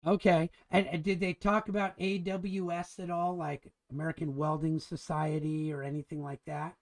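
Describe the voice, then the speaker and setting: A man's voice: fairly high pitch, level tone, moderate pace. A man teaching an engineering drafting class in a casual, chatty lecture, enthusiastic and rambling with frequent restarts. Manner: enthusiastic and chatty, keeps calling things cool.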